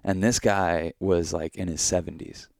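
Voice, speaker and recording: A man co-hosting a podcast, telling a vivid dream in animated, casual chat full of fillers. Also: sits low, normal speed, creaky, no room sound, clean studio sound. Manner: animated storytelling with many fillers. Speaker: podcast co-host.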